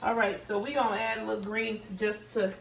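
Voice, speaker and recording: A mother cooks in her home kitchen, talking briskly in a medium-pitched, gravelly, slightly bright voice with a flat delivery. She's chatty and apologetic, laughing at her mistakes, while the echoey, noisy room and distant, slightly off-mic setup catch a sizzling frying pan and clicks.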